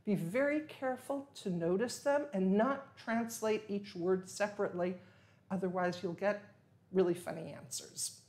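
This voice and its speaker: A woman's voice: mid-range voice, moderate pace, a little mellow. A woman English teacher giving a recorded vocabulary lesson, explaining patiently and stressing key words with examples.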